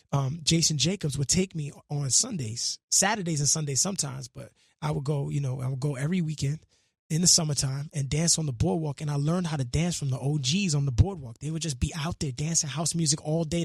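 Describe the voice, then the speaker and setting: A man from Brooklyn chats as a radio guest, earnest and reflective, full of street slang. His voice sits a bit high for a man. It is recorded close on a studio mic with a dry, dead sound. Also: slightly rough, dry recording. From Brooklyn, New York. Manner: earnest, reflective, slangy, half-recites lyrics. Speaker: guest musician. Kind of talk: casual interview chat.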